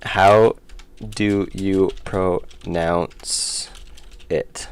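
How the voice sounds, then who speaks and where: A man's voice: deep voice, steady tone, slow, clear, resonant tone. A man streaming his indie game development, chatting casually and rambling with chat while he works. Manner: rambling, self-interrupting, chuckling.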